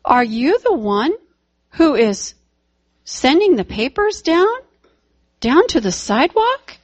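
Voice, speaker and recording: A woman telling a story voices an older man who slowly and sincerely confesses that he has been humbled. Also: high voice, sing-song, no room sound, voice pushed up, exaggerated voice. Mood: grateful.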